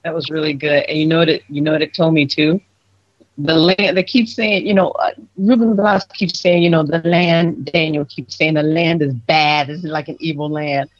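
A man's voice: fairly high pitch, fairly even intonation, moderate pace, no room sound, muffled recording. A man co-hosting a casual podcast, giving earnest opinions about a TV show. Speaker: podcast co-host. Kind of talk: casual recap chat.

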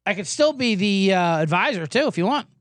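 A man's voice: high voice, animated, brisk, a bit bright, no echo. A man putting on the voice of a middle-aged basketball coach, talking in a self-serving, rambling way. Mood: wheedling. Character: smug middle-aged male basketball coach angling for a job.

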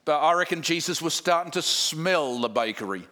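A man's voice: on the high side, animated, moderate pace, sharp tone. A man preaching a sermon, emphatic, building points with repeated lists and rhetorical questions. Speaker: pastor.

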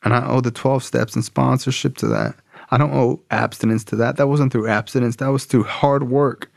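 A young man tells a personal story in casual, profane slang. His voice is gravelly and sits at a middling pitch. The sound is dry and close. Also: steady tone, normal speed, a little mellow, no room sound. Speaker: speaker sharing his recovery story.

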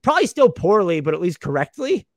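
A fast-talking man co-hosting a sports podcast, his voice sitting a bit high for a man. He banters in a profane, self-deprecating way, recorded dry and close on a podcast mic. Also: sing-song, dry recording. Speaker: podcast co-host. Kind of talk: casual sports podcast chat.

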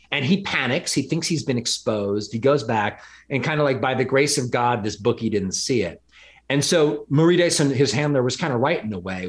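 A middle-aged man telling a crime story as an interview guest, with lots of restarts and fillers along the way. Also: mid-range voice. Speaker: podcast guest, author of true crime reporting. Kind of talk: conversational interview. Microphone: podcast microphone.

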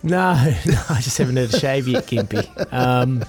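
A New Zealand man in a radio studio, chatting easily through a breakfast show. His pitch sits right in the middle and he spins childhood yarns with plenty of fillers and laughs. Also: expressive, normal speed, a little mellow, husky. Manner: laid-back storytelling with frequent laughs and fillers. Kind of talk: casual radio banter.

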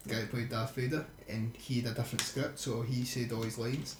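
A man's voice: medium pitch, fairly even intonation, fairly quick, background noise. A man chatting through a movie commentary, trading trivia and laughing often. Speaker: commentary co-host. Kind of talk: casual movie commentary chat. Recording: roomy echo.

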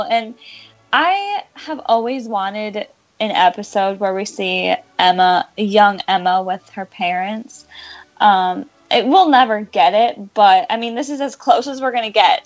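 A woman in casual podcast chat, gushing and emotional, with "um" fillers and soft laughs. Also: medium pitch, lively intonation, slow pace, lo-fi sound. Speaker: podcast co-host discussing a TV show.

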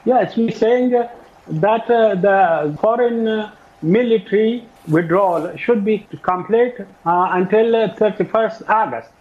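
Hesitant spokesman man on a phone line. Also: sits high. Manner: slow, hesitant with many uh fillers. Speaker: spokesman being interviewed.

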